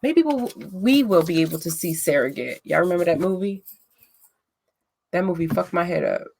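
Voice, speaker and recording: Blunt gravelly woman chatting. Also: fairly low pitch, animated, moderate pace, a little mellow, a little hiss or hum. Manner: blunt, profane, roasting a chat troll. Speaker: livestream host. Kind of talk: casual livestream chat.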